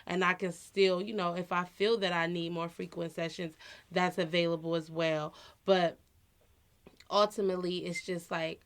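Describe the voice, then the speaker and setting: A woman in her thirties, a podcast co-host sharing personal stories in an earnest, reflective, conversational way. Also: lowish voice.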